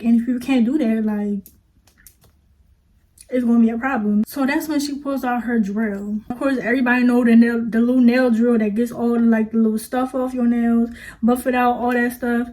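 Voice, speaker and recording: Chatty high-voiced young woman storyteller. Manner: chatty and animated, with slang and fillers, talking straight to viewers. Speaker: vlogger. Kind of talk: casual storytime vlog.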